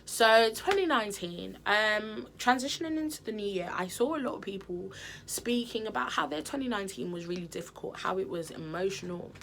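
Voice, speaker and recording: A woman's voice: medium pitch, animated, brisk, creaky, fairly bright tone, a little hiss or hum. A woman in a candid, chatty vlog to camera, talking frankly and expressively from indoors at home. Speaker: vlogger. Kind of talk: candid casual chat to camera.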